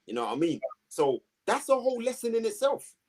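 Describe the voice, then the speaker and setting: A man, telling his story to two hosts in a lively, slangy way, acting out the voices of people around him. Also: extremely high pitch, fairly quick, a crowd in the background. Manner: animated, slangy storytelling with acted-out quotes. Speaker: guest. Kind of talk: storytelling in a conversation.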